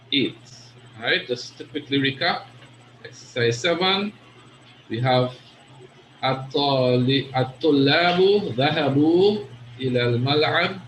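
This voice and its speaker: Male Arabic teacher, patient explainer, mid-pitched voice, echoey room with faint background noise. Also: fairly bright tone. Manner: patient, explanatory, frequent "right?" checks. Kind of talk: online class lesson.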